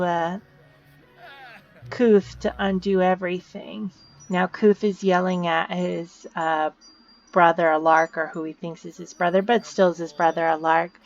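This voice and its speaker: A woman's voice: fairly low pitch, vocal fry. A woman casually narrating a game story, explaining events with fillers and repeated words, on a dull lo-fi recording. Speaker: video narrator.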